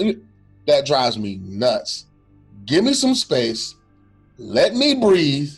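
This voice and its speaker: A man's voice: mid-range voice, huge pitch swings, takes it slowly, pauses often, husky, faint music behind. A man co-hosting a casual faith-based talk, earnest and reflective, often acting out what someone might say. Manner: earnest and reflective, quotes imagined speech, restarts often. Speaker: podcast co-host.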